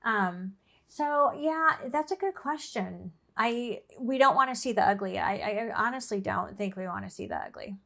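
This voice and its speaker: A woman's voice: medium pitch, sing-song, gravelly, a bit bright. A middle-aged woman co-hosting a casual podcast, talking in a chatty, easygoing way. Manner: chatty, reacts with laughs and quick interjections. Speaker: podcast co-host. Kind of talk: casual chat.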